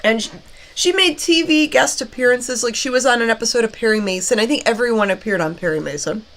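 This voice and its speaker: A woman's voice: fairly high pitch, fast talker, a bit bright. A woman co-hosting a horror movie show, chatting casually while snacking and reading movie trivia. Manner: chatty, reads movie trivia, laughs often. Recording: faint background noise.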